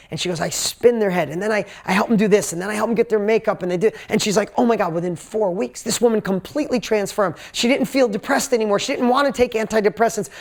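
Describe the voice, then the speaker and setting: A man's voice: sits high, creaky. A man giving a sales talk to a live seminar audience, telling stories animatedly, acting out quotes and swearing casually. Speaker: seminar speaker. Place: event stage before a live audience.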